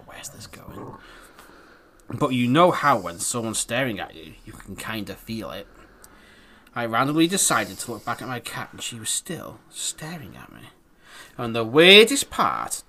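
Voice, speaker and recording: A man's voice: medium pitch, pushed and bright, a little hiss or hum. A man co-hosting a comedy podcast, talking in casual banter, laughing often and swearing freely. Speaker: podcast co-host.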